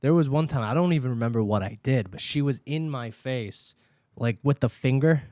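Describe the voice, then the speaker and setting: A young man co-hosting a podcast, telling stories in a casual chat, animated and laughing, with plenty of swearing. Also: mid-range voice, moderate pace, dry recording, clean studio sound. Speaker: podcast co-host.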